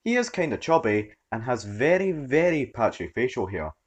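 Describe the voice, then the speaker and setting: A man reading a story aloud as its narrator, in an expressive storytelling manner. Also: medium pitch, moderate pace. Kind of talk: scripted narration.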